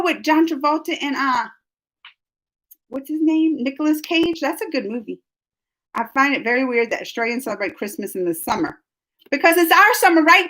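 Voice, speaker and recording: A woman's voice: high-pitched, pushed and bright. A woman hosting a casual live stream on a computer microphone, rambling and chatty as she reads comments, laughing often and restarting her sentences. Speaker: live stream host reading chat comments.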